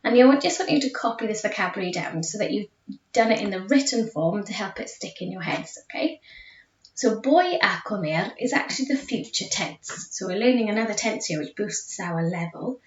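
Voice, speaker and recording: A woman's voice: medium pitch, lively intonation, brisk. A woman teacher walks her pupils through a video lesson step by step, checking in often. She sounds set back from the mic in an echoey room. The sound is a bit dull. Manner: patient, explains step by step, often checks with okay. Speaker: school Spanish teacher. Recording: echoey, distant, dull classroom recording.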